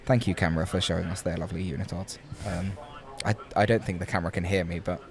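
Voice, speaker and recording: Deep-voiced young male sport commentator. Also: fairly even intonation, fast, creaky, a crowd in the background. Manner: chatty and playful, fond of wordplay. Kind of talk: casual live commentary. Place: outdoors on a riverbank at a regatta.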